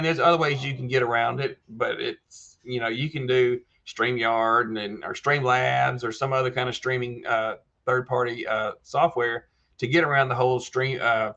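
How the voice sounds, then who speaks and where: With the highs cut off, a man's mid-range voice comes across pushed and bright. He's hosting a casual live chat, reading out comments from viewers and answering them by name in a homespun, folksy style.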